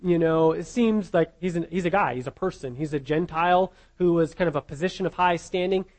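A man with a high voice leads a Bible lesson in a relaxed sermon style. He talks conversationally, stumbles over repeated words, and checks in with his listeners. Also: fairly quick. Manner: conversational, repeats words, asks the group questions. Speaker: pastor teaching a Bible class. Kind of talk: informal sermon teaching.

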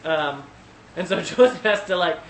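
A man leading a casual Bible study who thinks aloud with fillers and restarts, getting animated when he retells scenes. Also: high-pitched, moderate pace, reverberant, slight background noise, low-quality recording.

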